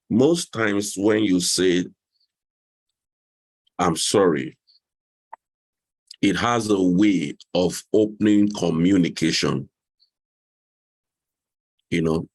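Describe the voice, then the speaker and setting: A low-voiced man runs an online class on marriage. He teases the participants, laughs easily and repeats his points to drive them home. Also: darkish tone. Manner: laughs often, teasing, repeats phrases.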